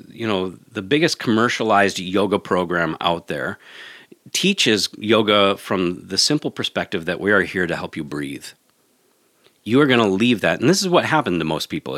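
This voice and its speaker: A man's voice: low voice, fairly bright tone, dry recording, studio quality. A man, a yoga teacher, in a casual podcast chat, earnest and reflective, often restarting his sentences.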